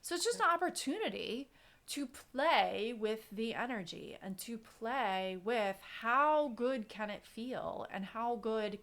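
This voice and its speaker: A woman's voice: a little high, gravelly, a bit bright. Earnest, emphatic woman podcast host. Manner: earnest, emphatic, repeats key phrases. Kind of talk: casual chat.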